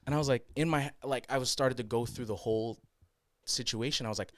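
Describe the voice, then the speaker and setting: A man co-hosting a podcast, telling a story in a casual, animated way, laughing often and swearing freely. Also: medium pitch, a little fast, pauses often, no echo. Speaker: podcast co-host.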